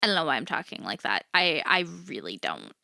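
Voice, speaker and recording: A woman's voice: deep voice, wildly swooping pitch, a little fast, vocal fry, sharp tone, no room sound, studio quality. A woman streamer chatting casually, ranting and swearing freely in a jokey, self-mocking way. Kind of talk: casual chat.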